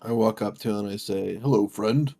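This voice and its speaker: A man's voice: fairly low pitch, level tone, fast talker, creaky, warm tone, no echo, faint music behind. A man playing a tabletop game, laid-back and chuckling. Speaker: player. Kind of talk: casual tabletop play.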